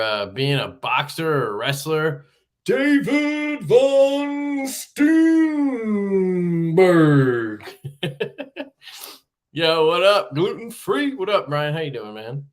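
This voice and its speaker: A man's voice: on the high side, a bit bright. A man hosting a casual live stream from a sparse room at home, greeting chatters by name in a loose, swearing way. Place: home room being moved into.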